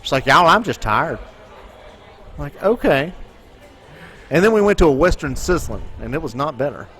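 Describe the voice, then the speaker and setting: Man, podcast co-host, opinionated, lively swooping pitch, fairly high voice, casual chat. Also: fairly quick. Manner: opinionated, gets fired up.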